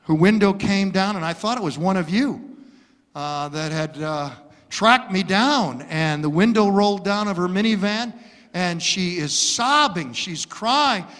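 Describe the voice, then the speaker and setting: A man's voice: high voice, lively intonation, unhurried, fairly bright tone. A male pastor delivering an impassioned sermon and acting out stories, recorded in a church sanctuary. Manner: impassioned preaching with acted-out stories. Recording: long reverb of a large hall.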